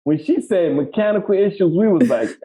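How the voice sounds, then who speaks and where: A middle-aged man tells a story in a casual interview. He is animated and slangy and laughs often, and his pitch leaps and dips with a lively range. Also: brisk, slightly rough, low-quality recording. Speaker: podcast guest, actor.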